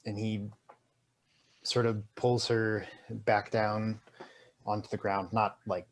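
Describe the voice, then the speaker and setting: A man playing his character in a tabletop game, speaking calmly and earnestly. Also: on the low side. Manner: calm, earnest, measured. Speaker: player. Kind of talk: in-character tabletop role-play.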